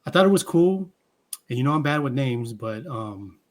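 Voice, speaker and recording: A man with a mid-pitched voice co-hosts a casual podcast. He talks in a relaxed, slangy way. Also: normal speed. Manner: laid-back, slangy. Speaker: podcast co-host.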